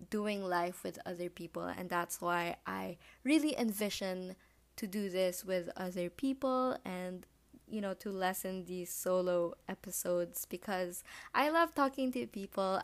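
A teenage woman from the Philippines talks through a solo podcast episode on her own. She rambles and fills her pauses with "um" and "you know". She is chatty and a little self-conscious about talking about herself. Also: mid-range voice. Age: late teens. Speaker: podcast host. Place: home living room at night.

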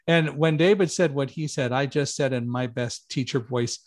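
A middle-aged man telling a personal story as an interview guest, lively, acting out quoted lines with raised voice. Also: moderate pace. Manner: animated, raises pitch and volume for quoted lines. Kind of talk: conversational storytelling.

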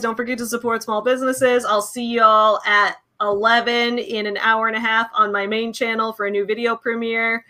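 A young woman co-hosting a casual podcast, chatty and quick to laugh, with lots of fillers. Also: on the high side, flat delivery, bright, forceful tone. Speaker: co-host.

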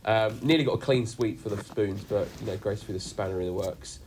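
A man's voice: lowish voice, brisk, darkish tone, a little hiss or hum. A man leading a youth group chat on a video call, jokey and rambling with lots of fillers.

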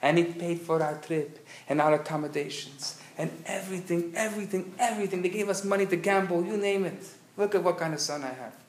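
A man's voice: high-pitched, brisk, hardly any pauses, pitched above the performer's own voice, natural voice. A man telling a joke as a middle-aged mother gushing about her son. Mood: boastful. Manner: gushing and showy. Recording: echoey hall, faint noise.

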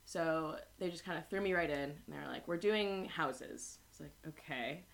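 A woman's voice: sits low, normal speed, vocal fry. A young woman in casual chat with friends, telling a long story with lots of laughs and acted-out quotes. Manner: laughs often, animated storytelling with voiced quotes.

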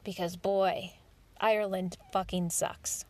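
A woman's voice: medium pitch, level tone, slow pace, a little mellow. A woman hosting a podcast, telling a personal story in a candid monologue, swearing freely and acting out her own inner thoughts. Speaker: podcast host.

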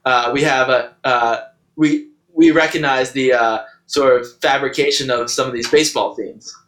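A man who played baseball, co-hosting a podcast and talking about a film with many pauses and "um"s. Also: mid-range voice, fairly even intonation, a bit bright, low-quality recording. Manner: halting, frequent "um" and "uh". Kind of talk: casual movie discussion.

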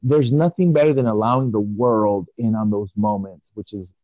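A man in his forties co-hosting a casual chat, reflective and rambling, with drawn-out pauses. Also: on the low side, no echo. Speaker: podcast co-host. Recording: dull lo-fi audio.

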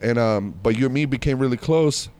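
A man's voice: mid-range voice, a little fast, a little mellow, smooth. A man casually telling a long story among friends, rambling with many fillers and restarts.

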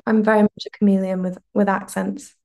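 Gravelly young woman, laid-back. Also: mid-range voice, level tone, fairly quick, muffled recording. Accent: mixed British-American. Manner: laid-back, rambling, trails off. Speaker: musician guest. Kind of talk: casual podcast chat.

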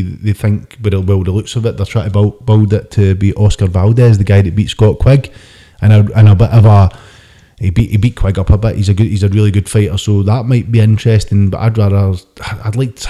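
Sweary man, dark voice. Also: fairly low pitch, a little fast. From United Kingdom. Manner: sweary, ranting, animated. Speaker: podcast co-host. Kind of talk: casual boxing chat.

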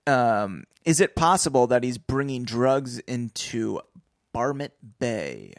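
A man co-hosting a casual podcast, reading a book aloud and chatting, animated and quick to laugh. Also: medium pitch, no room sound, clean studio sound.

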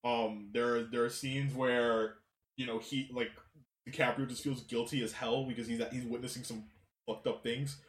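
A man co-hosting a casual film podcast, emphatic and animated and swearing freely. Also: medium pitch, normal speed. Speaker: podcast co-host. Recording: echoey room.

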